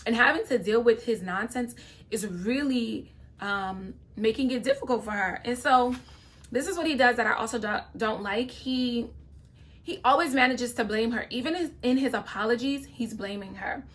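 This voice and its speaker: Her pitch is fairly high, her tone fairly bright, and she talks at a normal speed. As host of a reality-show reaction video, the young woman shares strong opinions casually and straight to camera, often adding "okay?"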